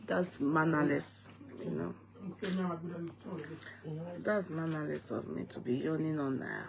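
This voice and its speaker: A woman's voice: deep voice, slow pace, vocal fry, crowd noise. A tired Nigerian woman hosting a casual live stream, chatting to viewers with repeated greetings and bits of Pidgin. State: tired, yawning.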